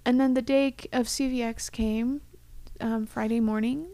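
Young woman talking things through, earnest, gravelly edge, dry close sound. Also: fairly high pitch, fairly even intonation, normal speed, dark tone, no room sound. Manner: heartfelt, reflective, drops to a whisper for quoted thoughts. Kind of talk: casual chat.

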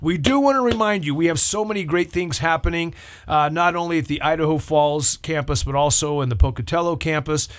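A man's voice: fairly high pitch, a little fast. A man, a pastor, hosting a church call-in radio show in a talkative, upbeat way and leading prayer. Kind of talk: casual radio chat.

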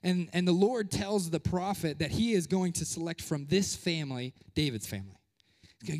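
Brief: young male pastor, bright high voice, playful animated sermon, a bit winded, church reverb. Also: normal speed, creaky. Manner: lively, joking preaching with playful voices. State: out of breath. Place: church sanctuary.

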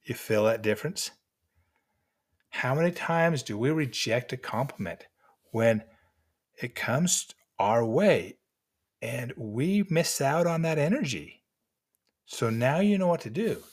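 An older man giving gentle, encouraging life lessons to mentees at an unhurried pace with pauses. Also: medium pitch, animated. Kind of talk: motivational talk to mentees.

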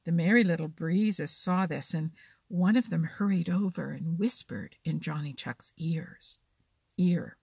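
A woman reads a children's storybook gently, at a slow pace. Her voice is low, husky and gravelly. The recording is dry and close to the mic. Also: no room sound.

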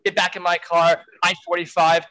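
A man's voice: sits high, flat delivery, normal speed, pushed and bright, poor audio. A man telling a frantic story in a casual way, full of fillers and swearing. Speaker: guest storyteller.

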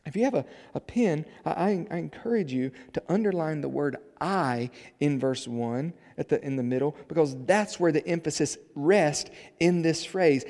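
A man preaching a sermon, moving between soft passages and loud emphatic build-ups. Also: on the high side, animated, normal speed, vocal fry, in a large hall. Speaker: pastor.

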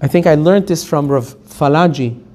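A man's voice: fairly high pitch, normal speed, darkish tone. A man teaching a Torah lesson, telling stories emphatically and acting out the quotes. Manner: emphatic storytelling, acts out quotes.

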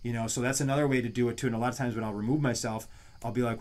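A man's voice: medium pitch, little pitch movement, racing, a little mellow. Male host, 30s, casual podcast chat, rambling, keeps circling back, mid-range voice. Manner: rambling, many restarts and "you know what I mean".

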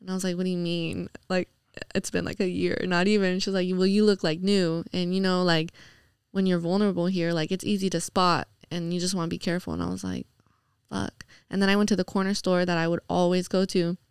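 A woman, telling stories as a podcast guest in relaxed casual chat, full of "like" and the odd swear. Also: on the low side, fast talker, vocal fry, smooth, no room sound, studio quality. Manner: relaxed storytelling, heavy with "like" and swearing.

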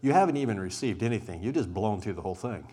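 A man with a very low voice guides a group through a spoken exercise. He talks deliberately, stressing key words and letting pauses sit. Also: animated, dark tone, slightly rough. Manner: deliberate, emphatic, with weighted pauses; says he is an introvert. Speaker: group workshop leader.

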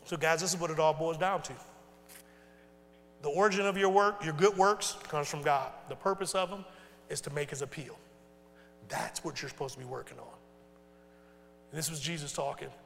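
A male pastor preaching a sermon in casual, folksy speech, asking the congregation questions and swinging from loud to hushed. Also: on the high side, normal speed, gravelly, long pauses, a little hiss or hum. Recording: long reverb in a large hall.

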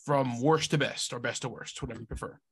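A man from Rhode Island hosting a casual chat, reacting loudly and with animation. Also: medium pitch, quick pace, a little hiss or hum.

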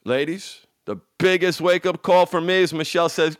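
A man coaching an audience in a motivational talk, emphatic and repetitive, swinging from loud bursts to hushed lines, with frank, salty language. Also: high voice, steady tone, normal speed, clean tone, dry recording, studio quality. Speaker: addiction recovery coach.

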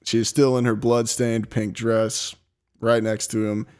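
A man's voice: mid-range voice, little pitch movement, measured pace, darkish tone, smooth. A young man hosting a podcast, casually telling a story from a script, swearing and joking in an apartment. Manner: profane, laughing, reads from a script. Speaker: podcast host. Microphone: laptop.

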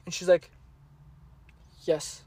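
A man's voice: slow pace, mellow. Profane rambling man telling a story. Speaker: podcast co-host. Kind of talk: casual chat, storytelling.

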